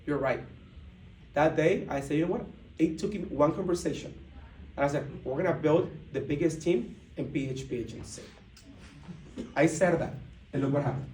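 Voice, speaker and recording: A man telling a story to a live audience at a business event, animated, acting out what people said, with many restarts. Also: fairly high pitch, moderate pace, pauses often, a little hiss or hum. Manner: animated, acts out dialogue, frequent restarts. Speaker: motivational speaker at a business event. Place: large indoor event room. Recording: echoey hall, mic heard from a distance.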